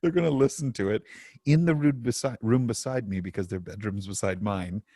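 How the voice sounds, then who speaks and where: A man's voice: on the low side, a little fast, mellow, dry recording, studio quality. A young adult man co-hosting a podcast, chatty and laughing, with lots of fillers. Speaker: podcast co-host. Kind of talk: casual chat.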